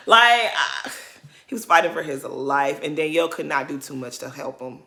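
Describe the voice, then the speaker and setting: Animated woman with a bright, forceful voice. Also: low-pitched, normal speed, vocal fry. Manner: animated, emphatic, laughs often. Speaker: reality show recapper. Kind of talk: casual commentary.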